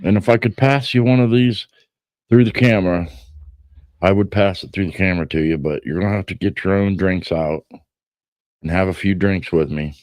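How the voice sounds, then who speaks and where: A man's voice: low-pitched, normal speed, darkish tone, dry recording. A man from Ohio with an Ohio accent, hosting a podcast in casual, joking chat that rambles and stammers. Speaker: podcast host.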